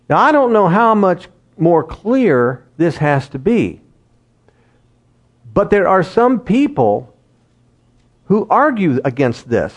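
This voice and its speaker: A man preaching a sermon and reading scripture aloud, animated, laughing at his own jokes and slowing down to stress key words. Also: high-pitched.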